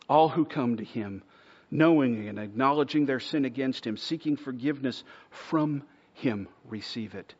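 A man preaching a sermon in an earnest style, building to loud, emphatic stretches and dropping to a hush on key words. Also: medium pitch, moderate pace, lo-fi sound. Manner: earnest preaching, swells louder to a near-shout at points, drops to a hush on key words. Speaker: pastor.

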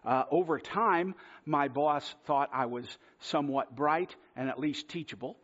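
In a dull, lo-fi sermon recording, a man preaches and shares a self-deprecating personal story conversationally. His voice is a little high and a bit bright, moving at a measured pace.

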